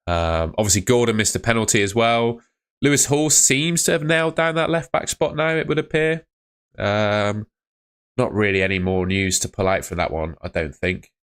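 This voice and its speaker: A laid-back young man talks in a low voice. He sounds chatty and easygoing as he reads viewer messages aloud during a live stream. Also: normal speed, a bit bright, clear, resonant tone. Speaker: fantasy football streamer. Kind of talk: casual live-stream chat reading comments.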